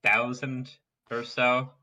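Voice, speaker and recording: A man at a tabletop game with a bright, forward voice of medium pitch. He chats casually between turns and tells stories about what happened in the game. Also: little pitch movement, takes it slowly. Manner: chatty storytelling. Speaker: player.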